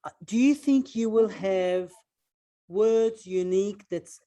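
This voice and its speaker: This is a male radio host whose first language is Arabic, interviewing a guest over a video call. He talks in a halting way, restarting phrases and leaning on fillers as he feels his way toward a point. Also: sits high, dark tone. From Egypt.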